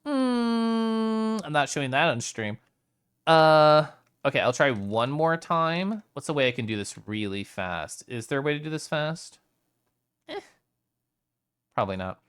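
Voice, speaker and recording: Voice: medium pitch, animated, a little slow, long pauses, a bit bright, smooth. Chatty streamer answering chat, rolls R's for fun, voice swoops up and down a lot. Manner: playful, often rolls R's and makes vocal sounds; chatty, reads chat messages aloud. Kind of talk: casual chat, answering live chat.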